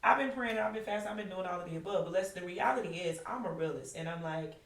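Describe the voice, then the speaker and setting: Woman, late 30s, podcast guest, frank and emphatic, lowish voice, distant mic. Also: fast. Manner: frank, emphatic, restarts and repeats phrases. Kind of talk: candid conversational storytelling. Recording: echoey room, distant mic.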